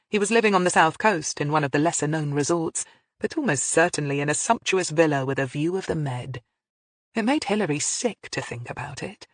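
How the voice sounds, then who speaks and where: Dry, measured audiobook narrator. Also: mid-range voice, dry recording. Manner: measured storytelling.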